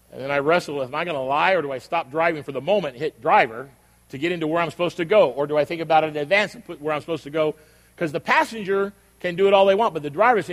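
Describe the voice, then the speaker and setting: A man's voice: fairly high pitch, a little fast. An older man, a pastor, preaching a sermon in a conversational storytelling way that builds to emphatic questions. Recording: long reverb of a hall.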